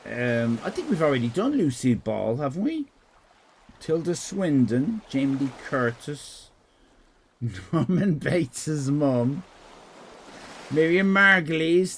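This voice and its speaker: A man's voice: mid-range voice, a bit bright, slight background noise. A man with an Irish accent chatting casually on a live stream while drawing. He talks in a crude, rambling, irreverent way and reads out comments from chat. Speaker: livestreamer.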